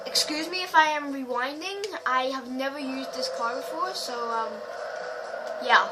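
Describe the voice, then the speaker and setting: Excitable high-voiced woman gaming. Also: moderate pace. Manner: excitable, playful trash talk and loud outbursts. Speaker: gaming channel host. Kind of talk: racing game commentary. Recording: distant mic with background noise.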